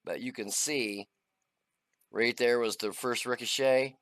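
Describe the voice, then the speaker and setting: A man's voice: mid-range voice, fairly even intonation, measured pace, a bit bright, dry recording. A middle-aged man casually talking through a replay of his tank game, chatty and folksy with lots of "uh" fillers. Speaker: gaming channel host. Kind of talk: casual gameplay commentary.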